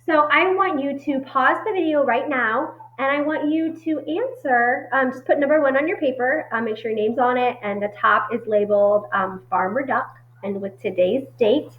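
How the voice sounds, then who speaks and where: A woman's voice: high-pitched, normal speed, few pauses. Woman, teacher, recorded lesson for children, friendly explaining, um-filled, muffled echoey sound.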